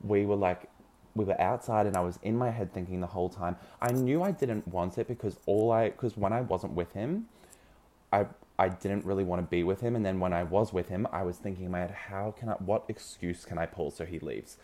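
A man's voice: low voice, a little fast, warm tone. A man, telling a dating story in a dramatic, gossipy way with lots of swearing. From Australia. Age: early 20s. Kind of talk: casual gossipy chat.

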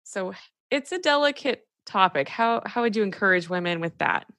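A woman interviewer asks a thoughtful question at a measured pace. Her voice sits at a middle pitch and sounds dry and close. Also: animated, fairly bright tone, dry recording.

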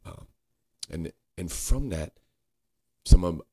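A man co-hosting a podcast, talking earnestly and haltingly, searching for words and swearing now and then. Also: sits low, lively intonation, mellow. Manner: frequent swearing. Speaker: podcast co-host. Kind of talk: candid reflective conversation.

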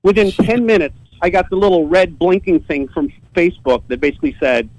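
A man's voice: high-pitched, brisk, hardly any pauses, no room sound, low-quality recording. A man talking as a podcast guest from his home office. He tells a story casually and with lots of energy, swearing often and laughing in between. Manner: profane, animated storytelling with laughs. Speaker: guest, site owner.

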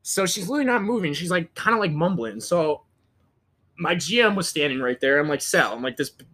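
A young man with a bright, forward voice pitched a little high, swearing freely as he rambles through a story. He is co-hosting a casual podcast chat and keeps restarting his sentences mid-thought. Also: sing-song, a little fast. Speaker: podcast co-host.

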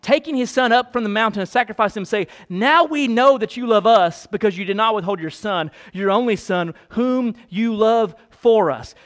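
A male pastor preaching a sermon, reading long quotations aloud and swinging between a low reading voice and high, emphatic preaching.

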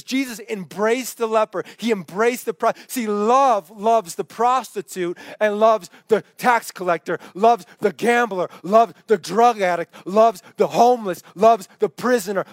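High-voiced man preaching conversationally. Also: no room sound. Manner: conversational preaching, checks in with "okay?"; acts out quoted voices for emphasis. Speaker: Bible study teacher. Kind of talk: sermon. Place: home, over an online meeting.

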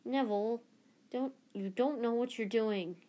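A woman's voice: a little high, a little slow, mellow, lightly acted. Woman voicing a hot-headed schoolboy, exasperated, storybook.

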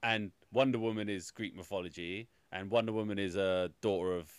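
A man hosting a film review podcast, talking in an animated, exasperated way and swearing often. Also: on the low side, brisk, clean tone, dry recording. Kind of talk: casual chat.

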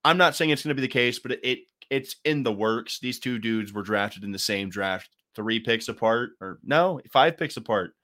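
A man's voice: mid-range voice, expressive, normal speed, hardly any pauses, bright, forceful tone. A man co-hosting a casual sports talk show, rambling and joking with lots of fillers and restarts. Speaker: podcast co-host.

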